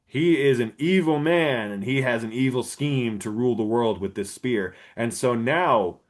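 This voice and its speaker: A man hosting a podcast, retelling a movie plot in a rambling, profane, casual way and clearing his throat often. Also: medium pitch, normal speed. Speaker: podcast host. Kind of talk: casual comedic movie recap.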